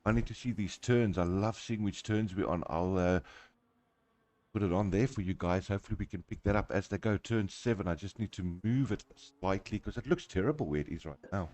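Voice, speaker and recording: A man's voice: low-pitched, fairly quick, darkish tone, no room sound. A man from South Africa with a South African accent, giving chatty live commentary on a sim race, talking through each turn and laughing often.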